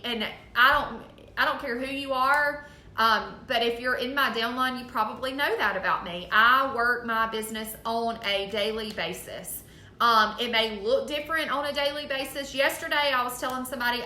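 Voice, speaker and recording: A woman's voice: high voice, bright, forceful tone. A woman giving a casual, earnest motivational talk to her sales team, full of ums and likes. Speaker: direct sales team leader. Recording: echoey room.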